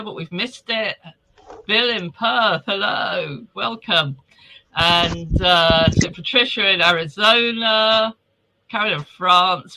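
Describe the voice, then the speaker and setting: A man's voice: sits high, sharp tone, poor audio. A male host on a video call from home, chatting casually and greeting viewers by name before a virtual event. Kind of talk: casual live webinar welcome.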